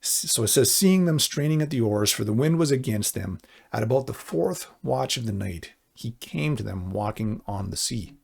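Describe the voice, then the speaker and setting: Man, middle-aged, pastor, sermon, gravelly, husky, earnest, slows down for emphasis. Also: mid-range voice, expressive, a little mellow. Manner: earnest, builds to slow emphatic appeals.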